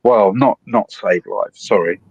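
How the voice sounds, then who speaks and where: A man, calling into a live stream and rambling excitably with plenty of swearing. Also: on the low side, unhurried, creaky, husky. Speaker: guest caller on a live stream. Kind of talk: rambling casual chat. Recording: dull dry call audio.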